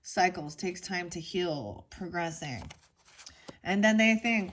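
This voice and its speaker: A woman's voice: lowish voice, slow, a bit bright. A woman giving a casual tarot reading to her viewers, rambling and frank, going off on tangents. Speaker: tarot reader.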